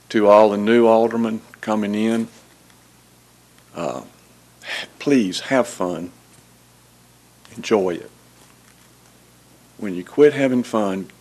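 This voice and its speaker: An older man, a retiring alderman giving an emotional, halting farewell speech at a city board meeting. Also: on the low side. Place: city council chamber.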